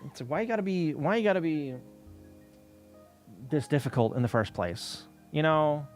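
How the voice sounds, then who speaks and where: A man's voice: fairly high pitch, big pitch swings, moderate pace, soft background music. Profane ranting male streamer. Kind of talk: casual chat while scanning.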